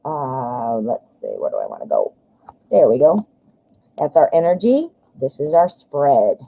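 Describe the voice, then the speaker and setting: A woman's voice: rumbling low, sing-song, a little slow, vocal fry, mellow, low-quality recording. A woman giving a live-stream tarot reading in a chatty, joking way, calling her viewers hon and my dear. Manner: jokey, self-mocking asides. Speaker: tarot reader.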